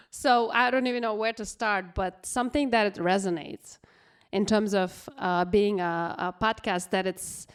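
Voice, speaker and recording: A woman who grew up abroad co-hosts a relaxed podcast chat. She tells stories with lots of excitement and animation. Her phrasing is loose and non-native, and her voice sits at an ordinary middle pitch. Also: unhurried, clean tone. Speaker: podcast co-host.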